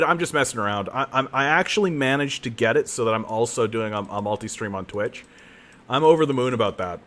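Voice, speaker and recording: A man from Canada streaming a video game on a new home mic setup, chatting casually in a rambling, self-mocking way with bursts of excitement. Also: medium pitch. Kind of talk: casual gaming commentary. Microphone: new desk mic.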